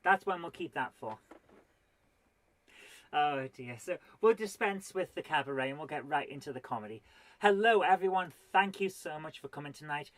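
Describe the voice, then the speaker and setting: A woman's voice: low-pitched, expressive, dry recording. Dry, rambling woman comedian in a home office. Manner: rambling, self-deprecating and mock-serious, with drawn-out pauses. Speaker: stand-up comedian and channel host. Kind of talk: solo stand-up comedy to camera.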